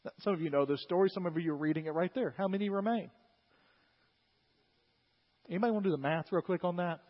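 A pastor preaching a sermon, animated and conversational, retelling scripture and acting out its figures in asides. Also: male voice, sits high, fast talker. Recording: long hall reverb, dull lo-fi sound.

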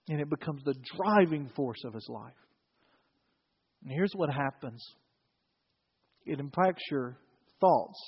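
A man preaching a sermon, telling a story with animated delivery and acting out the characters. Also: mid-range voice, slightly rough, big-room sound, lo-fi sound. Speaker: pastor.

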